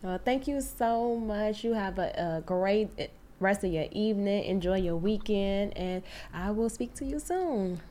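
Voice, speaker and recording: A woman's voice: medium pitch, animated, unhurried, few pauses, mellow. A woman hosting a podcast, chatting casually and effusively with her guest and laughing often. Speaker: podcast host. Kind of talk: warm casual interview chat.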